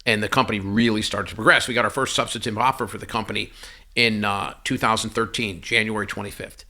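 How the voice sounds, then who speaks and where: A man telling a personal story as a podcast guest, animated and acting out each line of dialogue. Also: on the low side, quick pace. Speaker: podcast guest, company CEO. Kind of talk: conversational storytelling interview.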